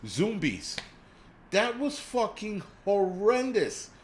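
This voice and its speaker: A man's voice: high voice, very animated, slow, slight background noise. A man hosting a live stream, ranting casually and profanely with lots of fillers.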